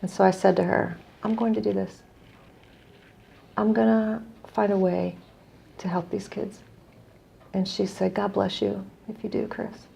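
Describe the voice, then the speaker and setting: A woman's voice: mid-range voice, level tone, a little slow, gravelly, long pauses, mellow, slight background noise. A middle-aged woman from the United States, an earnest guest telling a story in conversation and quoting others as she goes. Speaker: guest, non-profit executive director.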